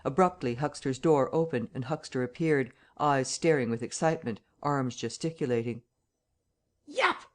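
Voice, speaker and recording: Measured male audiobook narrator. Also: medium pitch.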